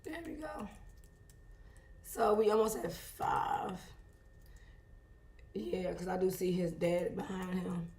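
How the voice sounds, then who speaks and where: A young woman photographer chatting casually to viewers while she edits, talking in an animated, exclaiming way. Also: lowish voice, slow, long pauses. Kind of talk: casual vlog chat while editing photos. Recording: echoey room.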